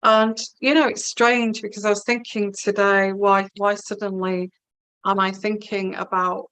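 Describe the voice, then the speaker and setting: A woman's voice: medium pitch, flat delivery, a little slow, fairly bright tone, clean tone, dry recording, low-quality recording. A woman giving a live-streamed tarot reading, musing and hesitant, with many fillers and restarts. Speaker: tarot reader.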